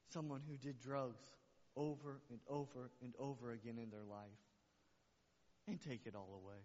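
A man's voice: medium pitch, fairly even intonation, moderate pace, darkish tone. A man preaching a sermon to his church, passionate and repeating phrases for emphasis. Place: church sanctuary. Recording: muffled recording with long hall reverb.

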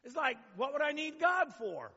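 A man's voice: very high voice, sing-song, moderate pace, pushed and bright. Male pastor, chatty sermon style with questions to the crowd, muffled church-hall echo. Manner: conversational preaching with questions to the congregation.

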